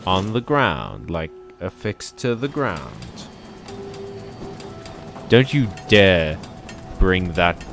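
Man, game streamer, casual let's-play commentary, slow talk, lowish voice, chatty reactions. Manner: chatty, reacting out loud and talking to chat.

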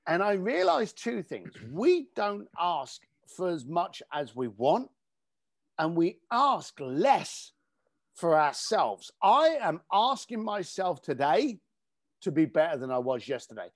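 Animated man telling a story. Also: fairly high pitch, slow, no room sound, clean studio sound. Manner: animated, emphatic, swears casually. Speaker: podcast guest, speaker and coach. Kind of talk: storytelling in a podcast interview.

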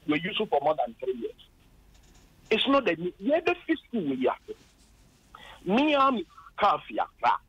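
A Ghanaian man phones in to a radio talk program, indignant and passionate as he relays his quarrels with officials. His voice sits high and swings widely in pitch. It comes through husky and dry, flattened by a muffled phone line. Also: no echo. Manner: impassioned, indignant, retelling arguments. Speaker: caller, former district chief executive.

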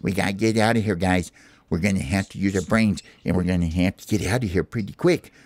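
A man doing a gruff low parakeet. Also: fast, a little mellow, dry recording, natural voice. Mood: urgent. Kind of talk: toy play with voices.

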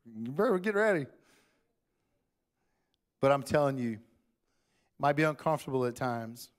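A man's voice: medium pitch, animated, normal speed. Man preaching a casual church sermon. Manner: conversational Southern-style preaching, addresses crowd as y'all.

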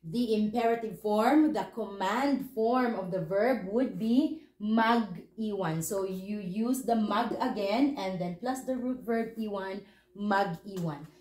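A woman's voice: medium pitch, takes it slowly, a little mellow, reverberant, poor audio. A woman teaching a grammar lesson, patiently breaking words down and repeating them. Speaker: language teacher. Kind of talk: slow, explanatory grammar lesson.

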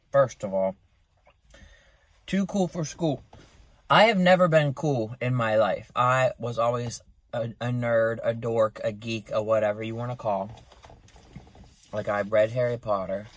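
A young man talking casually into his phone camera in a vlog, chatty and self-mocking, with his voice jumping up in pitch. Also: a little slow. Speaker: vlogger. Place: in a car outside a store.

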